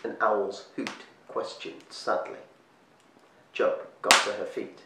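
A man reading a storybook aloud as storyteller, slowing and hushing his voice for eerie moments. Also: lowish voice, little pitch movement. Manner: slows and hushes for eerie moments. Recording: echoey room, distant mic, faint hiss.

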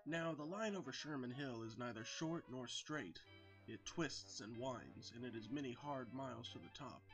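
A man narrates a children's storybook tale in an even, steady way. Music plays clearly behind him. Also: medium pitch, moderate pace. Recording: with background music.

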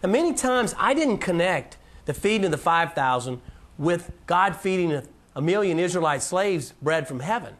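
This is a presentation lecture: a man teaching from the Bible in a relaxed, folksy manner. He speaks with animation, then slows down and deepens his voice to read scripture.

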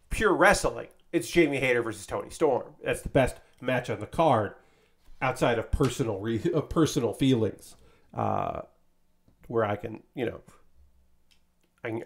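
A man's voice: mid-range voice, a bit bright. A man chatting casually on his livestream, rambling and swearing freely, full of restarts and enthusiasm. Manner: rambling, profane, enthusiastic about wrestling; frequent fillers and restarts, acts out quotes animatedly. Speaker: streamer.

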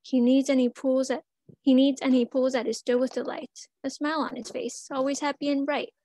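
A woman voicing a gentle, wise mother who consoles her young daughter in rhymed verse. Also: sits high, flat delivery, a little fast, a little hiss or hum. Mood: tender.

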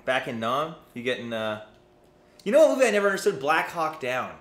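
A man's voice: mid-range voice, big pitch swings, brisk, fairly bright tone. Joking man in a roomy room. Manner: joking, rambling, goes off topic. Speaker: beer review co-host. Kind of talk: casual livestream chat. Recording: roomy room with faint noise.

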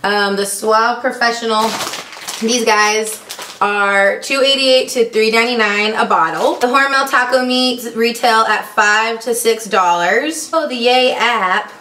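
A woman's voice: a little high, unhurried, sharp tone. Chatty young woman in an echoey room. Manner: chatty, upbeat, lots of ums. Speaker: vlogger. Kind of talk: casual unboxing vlog. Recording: echoey room, faint noise.

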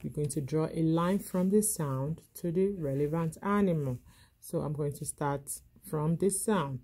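A woman teacher explains a children's worksheet one step at a time. Her voice sits low, and she talks slowly and patiently. She mimics animal sounds to make each one clear. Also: lively intonation, warm tone. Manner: imitates animal sounds for the class.

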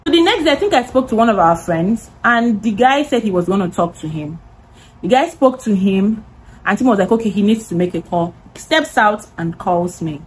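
A woman's voice: medium pitch, lively intonation, moderate pace, slight background noise, rough recording. A young woman with a Nigerian accent telling a dramatic story-time vlog, full of repetition for emphasis. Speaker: vlogger.

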